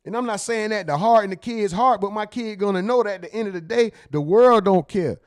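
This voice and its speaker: A man's voice: high-pitched, a little fast. A man hosting, talking bluntly and profanely in casual emphatic commentary. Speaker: host.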